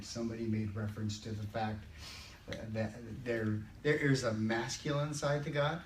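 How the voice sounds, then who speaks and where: An older man leading a Bible study group, chatting conversationally and slowing down to read scripture. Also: medium pitch, steady tone. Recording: roomy, distant mic, faint background noise.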